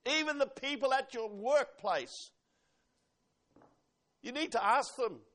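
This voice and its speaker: A man's voice: very high-pitched, lively intonation, slow pace, long pauses, fairly bright tone. A man preaching a sermon, emphatic, quoting scripture and asking the congregation questions.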